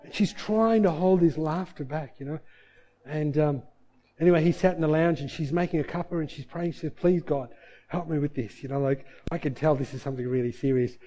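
A man preaching a sermon, telling a story in a lively, animated way that rises into loud bursts. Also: a little high, a little fast. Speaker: pastor.

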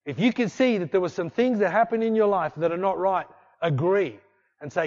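A man preaching a sermon, exhorting with repeated refrains and swinging between loud bursts and hushed passages. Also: sits high, brisk, lo-fi sound. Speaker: pastor.

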